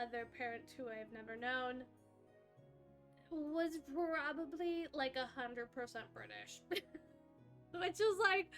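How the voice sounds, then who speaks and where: Brief: talkative woman streamer, high voice, faint music under her, rambling and giggly. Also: fairly bright tone. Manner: rambling, laughs often, self-interrupting. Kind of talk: casual live-stream chat.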